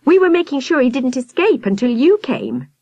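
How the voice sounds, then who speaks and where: A woman's voice: sits high, wildly swooping pitch, normal speed, a little mellow, no room sound, dull audio, pitched above the performer's own voice, exaggerated voice. A woman voicing a bold, indignant young schoolgirl in a storybook.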